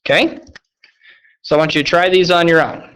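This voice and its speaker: A man's voice: a little high, fairly even intonation, brisk, a bit bright, clear, resonant tone. A man teaching a recorded math lesson, upbeat and playfully sarcastic, often checking in with "okay?". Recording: dull lo-fi sound.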